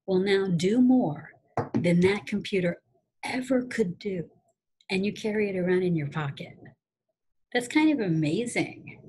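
A middle-aged woman, a teacher, telling a casual, animated story to her students in a chatty way. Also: lowish voice, a little hiss or hum, low-quality recording. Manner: animated, chatty, repeats phrases, acts out shouted quotes.

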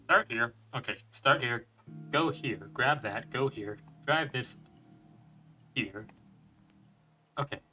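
A man's voice: medium pitch, slow, long pauses, sharp tone, faint music behind. A man streaming a video game and thinking aloud as he plays, chuckling and restarting his sentences. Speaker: gaming streamer. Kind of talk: let's play commentary.

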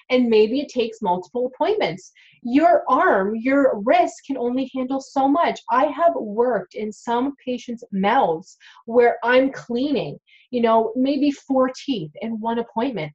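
A middle-aged woman and dental hygienist, talking casually to students in an advice vlog, lively and acting out what patients and dentists say. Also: a little high, highs cut off. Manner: chatty, animated, acts out quoted patients and dentists.

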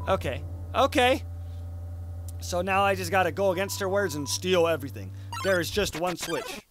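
A man's voice: high voice, expressive, normal speed, fairly bright tone, slight background noise. A young man casually commenting on his gameplay, cursing and mocking himself. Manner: casual, swearing, self-mocking, laughs often. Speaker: let's play host.

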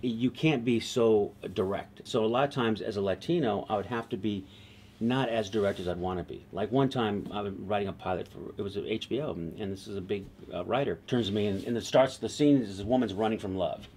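A middle-aged man, a TV writer being interviewed, telling stories in a lively, conversational way and laughing easily. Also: fairly low pitch, a little fast, a little hiss or hum. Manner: animated, laughs easily, slips into quoted voices. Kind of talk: conversational storytelling.

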